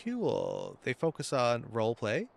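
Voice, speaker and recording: A man's voice: mid-range voice, wildly swooping pitch, measured pace, vocal fry. A man chatting casually as he plays through a video game, easily amused and rambling. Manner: chatty, easily amused, wanders between thoughts. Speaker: game streamer. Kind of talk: casual gameplay commentary.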